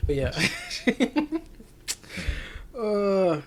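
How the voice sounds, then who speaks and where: A man talking casually as a recurring guest on an anime discussion show, animated and joking, laughing often. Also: mid-range voice, normal speed.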